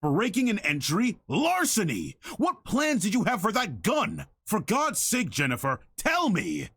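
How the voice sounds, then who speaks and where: A man's voice: mid-range voice, huge pitch swings, fairly quick, slightly rough. An actor playing a stern, authoritative man who scolds and interrogates a young woman in a video game, with a commanding manner.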